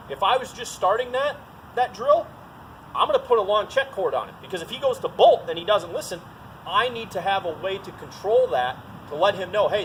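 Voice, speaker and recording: A man demonstrating dog training outdoors, explaining drills and giving short commands and praise to his dog. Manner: instructive, breaks into high excited praise for the dog. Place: outdoors in a field. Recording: noisy outdoor recording.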